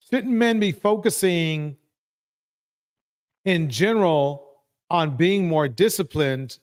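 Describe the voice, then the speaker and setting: A man's voice: fairly high pitch, a little mellow. A man hosting a live talk stream, asking his panel pointed questions. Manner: probing, asks pointed questions.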